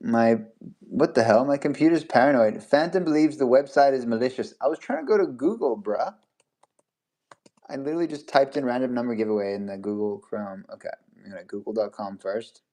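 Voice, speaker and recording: A man's voice: mid-range voice, brisk, darkish tone. A young man hosting a casual livestream, chatty and laughing often as he rambles through stories. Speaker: livestream host.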